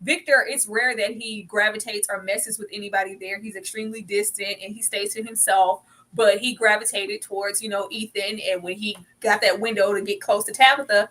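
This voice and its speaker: A woman's voice: brisk, hardly any pauses, poor audio. A woman on a TV recap panel, talking animatedly in casual chat and jumping into acted-out quotes. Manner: animated, acts out quotes with big pitch jumps.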